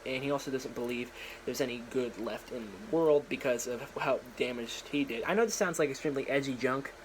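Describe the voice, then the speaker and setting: A man's voice: mid-range voice, fairly quick, slight background noise, rough recording. A young man casually retelling his story idea on a phone vlog, rambling with lots of fillers and restarts and briefly acting out characters' lines. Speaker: vlogger. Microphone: phone propped up.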